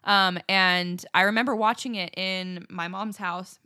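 A woman's voice: medium pitch, fairly even intonation, measured pace, bright, forceful tone, clear, resonant tone, dry recording, studio quality. A woman co-hosting a podcast in casual chat, laid-back and slangy, swearing casually. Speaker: podcast co-host.

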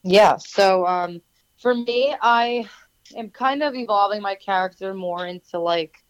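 A woman's voice: mid-range voice, unhurried, clean tone, no room sound, dull audio. A woman from New Jersey with a New Jersey accent, a wrestler and manager who answers in a rambling, chatty way full of fillers and restarts. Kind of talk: casual interview answers.

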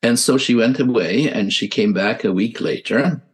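An older man, a psychiatrist, telling a case story in a lecture, halting and unhurried, with many filler sounds and restarts. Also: mid-range voice, rough recording. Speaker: psychiatrist and author.

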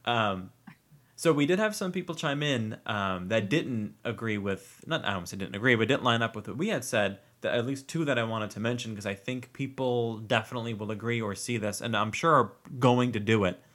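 A man's voice: on the low side, fairly quick, a bit bright. A man co-hosting a podcast in casual chat, rambling and joking, often breaking off mid-sentence. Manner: rambling, self-interrupting, joking. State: warm and sweaty, fanning himself. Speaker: podcast co-host.

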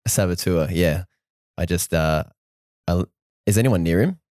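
Low voiced guy playing a tabletop game, jokey, dry close sound. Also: moderate pace, a little mellow, no room sound. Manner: jokey, laughs often. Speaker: player.

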